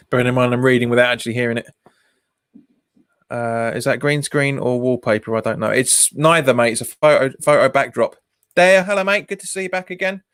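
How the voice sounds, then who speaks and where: A man's voice: medium pitch, fairly quick, a bit bright, clear, resonant tone. A man, hosting a football watch-along stream, chatting casually, laughing often and reading out viewer comments. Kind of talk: casual live commentary and chat.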